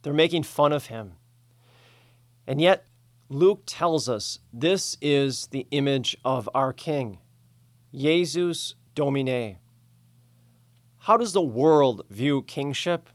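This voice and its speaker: A man preaching a sermon in a slow, measured, deliberate way. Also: medium pitch, animated, dry recording.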